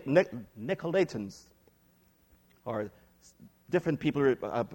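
Animated high-voiced male preacher. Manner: reads scripture slowly, varies pitch widely. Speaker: pastor. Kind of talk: sermon.

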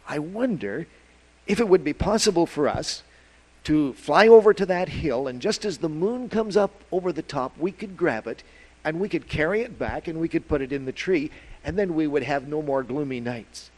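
A cheeky little owl chick from a children's tale, voiced by a man telling the story. He talks fast and keen, hatching plans in a hushed, plotting tone. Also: a little high, expressive, voice pushed up. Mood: scheming. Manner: eager, conspiratorial. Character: scheming young male owl chick.

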